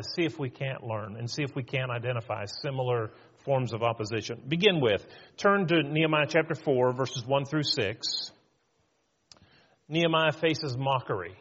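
A man's voice: fairly high pitch, fairly bright tone, slight background noise. Man preaching in an echoing hall. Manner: conversational preaching, acting out quoted voices. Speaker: pastor. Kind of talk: sermon. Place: church sanctuary. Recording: muffled church hall with long reverb.

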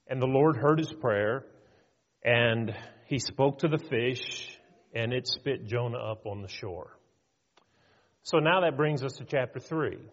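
Man, preacher, sermon, earnest, emphatic, long hall echo. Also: medium pitch. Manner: earnest, emphatic, rhetorical questions. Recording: reverberant hall, dull lo-fi.

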